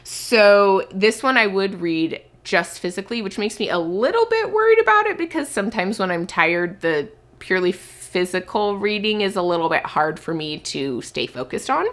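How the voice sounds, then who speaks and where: A woman's voice: medium pitch, animated, normal speed, few pauses, a bit bright. A young woman talking to camera in a book vlog, thinking aloud with lots of fillers, a little sick with a cough. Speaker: book vlogger. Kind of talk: casual chat to camera.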